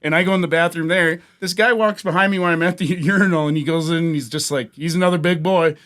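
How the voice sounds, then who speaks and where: Male co-host, high and bright tone, crude punchy storyteller. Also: steady tone, fast. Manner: crude, joking, punchy delivery. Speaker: podcast co-host. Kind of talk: casual storytelling chat.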